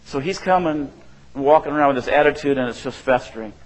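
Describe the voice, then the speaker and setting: A man's voice: mid-range voice, fast, poor audio. A middle-aged male pastor preaching in a loose, conversational way, often checking in with the room and acting out quotes. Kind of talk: sermon.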